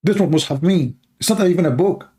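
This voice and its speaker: Hoarse, combative man hosting a livestream. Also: fairly high pitch, fast, warm tone. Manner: mocking, combative, repeats points rhetorically. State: hoarse, tired voice with coughing. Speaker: livestream host debating callers. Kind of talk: heated live-stream call-in debate.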